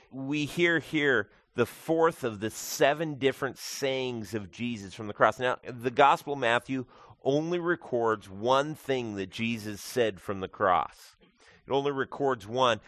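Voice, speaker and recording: A man's voice: mid-range voice, a bit bright, no echo, studio quality. A male pastor giving a conversational sermon, explaining scripture with casual asides. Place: church.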